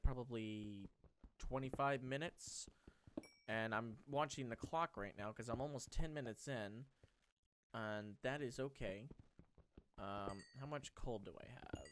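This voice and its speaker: A man thinking aloud while playing a game, excitable and quick to swear, moving from low mutters to sudden excited outbursts. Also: noisy background. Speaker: Let's Play host. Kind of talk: gameplay commentary.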